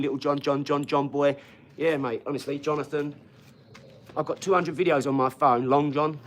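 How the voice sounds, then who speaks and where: A man with a somewhat high voice hosts a casual livestream, with slight background noise audible. He rambles across topics, swears freely, and addresses viewers' comments directly.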